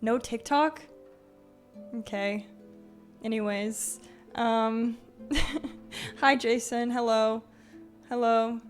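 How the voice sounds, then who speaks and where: A woman's voice: a little high, steady tone, drawn-out words, long pauses, soft background music. Chatty young woman streamer, full of fillers. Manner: chatty, filler-heavy, giggly, greets chat by name. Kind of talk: casual live-stream chat.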